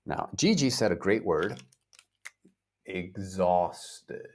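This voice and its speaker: Slow, lively American teacher man. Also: on the low side. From United States. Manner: slow, clear teacher talk, repeating words and acting out feelings. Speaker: English teacher. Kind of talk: live online English lesson.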